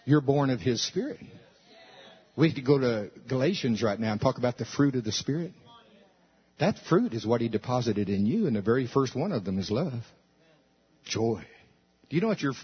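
Male pastor preaching at a church service, very husky voice, dull lo-fi sound. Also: medium pitch, a little fast, long pauses. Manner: animated, swinging from loud to soft, with laughs. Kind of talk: sermon. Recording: dull lo-fi recording.

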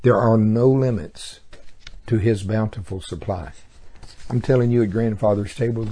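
A man's voice: fairly low pitch, a little slow, pauses often, mellow, breathy edge. A man preaching a sermon in a folksy way, often chuckling at his own stories.

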